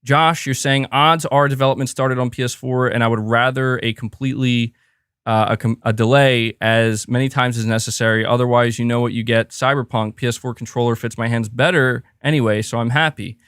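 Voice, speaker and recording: A man hosting a live reaction stream. He reads out viewer messages and talks in quick restarts. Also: mid-range voice, fairly even intonation, a bit bright, smooth, no room sound, clean studio sound. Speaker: livestream host.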